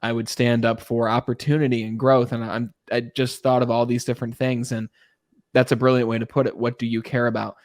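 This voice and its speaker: A man's voice: medium pitch, flat delivery, brisk, dry recording, clean studio sound. A man hosting a podcast, enthusiastically posing long, layered questions to his guest. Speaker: podcast host. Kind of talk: interview conversation.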